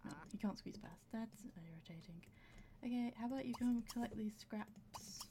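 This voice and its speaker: A woman's voice: a little high, moderate pace, warm tone, slight background noise. A woman casually commenting on her game, chatting to her characters and laughing often, with audible breathing. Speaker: gameplay commentator.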